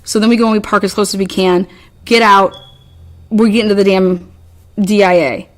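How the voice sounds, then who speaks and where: A woman co-hosting a podcast tells a story casually in a rambling, exasperated way, swearing freely and often starting over. Her mid-range voice holds a steady tone at a moderate pace.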